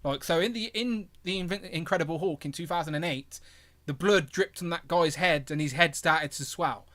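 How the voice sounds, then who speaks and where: A man's voice: on the high side, moderate pace, a bit bright. A man hosting a live stream in a casual, rambling way and reading out viewer messages. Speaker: host of a live toy stream. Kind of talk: casual chat.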